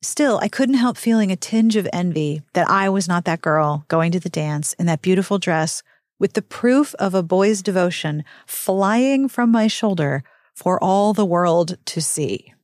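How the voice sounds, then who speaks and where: A woman's voice: on the low side, expressive, a little slow, darkish tone, no echo, clean studio sound. A woman hosting a podcast, recapping a romance novel in a casual way, reading passages aloud and breaking off into snarky, laughing asides. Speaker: podcast host.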